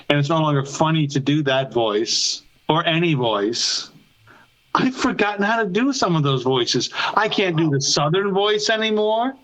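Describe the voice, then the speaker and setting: A man's voice: on the high side, a bit bright. A man co-hosting a podcast, chatting casually with a profane, joking manner, calling in over a phone. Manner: profane, joking, laughs often. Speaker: podcast co-host. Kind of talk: casual chat. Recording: phone line.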